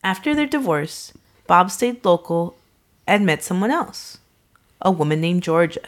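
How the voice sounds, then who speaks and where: A woman's voice: lowish voice, very animated, unhurried. A woman hosting a true-crime podcast, telling the case in casual chat, laughing often and swearing freely. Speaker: podcast host, narrator of the case.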